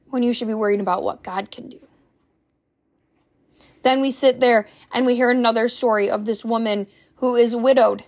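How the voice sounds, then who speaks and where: A woman's voice: a little high, steady tone, moderate pace, long pauses. A young woman, a stay-at-home mom, giving an earnest, preachy faith-based motivational talk full of rhetorical questions as a podcast host.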